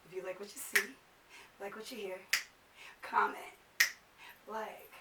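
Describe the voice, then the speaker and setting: A young woman from New Jersey ranting in a casual vlog, animated and exasperated, acting out other people's questions. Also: mid-range voice, a little slow, recorded from a distance, heavy background noise. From New Jersey, USA. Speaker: vlogger. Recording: echoey room, voice a little off-mic.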